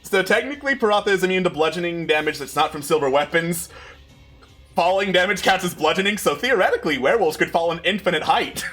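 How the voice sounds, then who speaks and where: Bright-voiced man running a tabletop game. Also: high voice, fast, soft background music. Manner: lively, playful narration. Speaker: game master.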